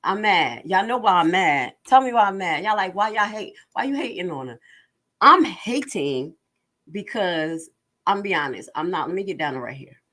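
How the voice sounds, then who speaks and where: Animated, sassy woman commentator. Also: fairly low pitch, moderate pace. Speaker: online commentator. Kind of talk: casual livestream commentary.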